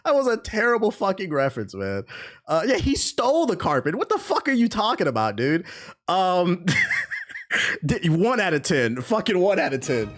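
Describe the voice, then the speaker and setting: A man's voice: high voice, wildly swooping pitch, normal speed. Man, casual reaction commentary, blunt, profane, swoopy delivery. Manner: blunt, profane, laughs at what he hears. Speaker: host reacting to rap songs.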